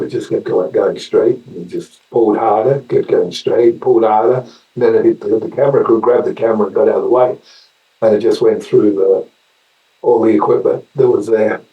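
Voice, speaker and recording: An older man with an Australian accent, a guest actor telling wry anecdotes in a casual interview, often halting and restarting. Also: lowish voice, fairly even intonation, warm tone, roomy sound, far from the mic, dull audio.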